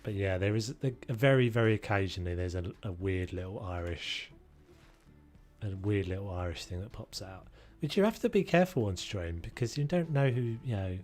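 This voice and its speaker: A British streamer with a lowish, darkish voice talks brisk and lively to his chat while gaming, wandering casually from one thought to the next. Faint music plays behind him.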